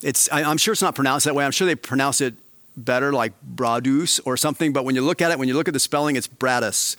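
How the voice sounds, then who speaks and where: Animated male pastor preaching a sermon. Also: medium pitch, fast talker, no room sound. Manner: animated preaching, swings from quiet to emphatic.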